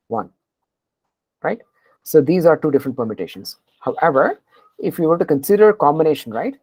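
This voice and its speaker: A woman explains a programming problem to a class, stopping often with fillers and tag questions to check that students follow. Her voice is very low and mellow, with a husky edge. The sound is dry and close. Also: no room sound, low-quality recording. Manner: keeps asking "right?" to check understanding, with frequent pauses and fillers. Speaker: programming tutor.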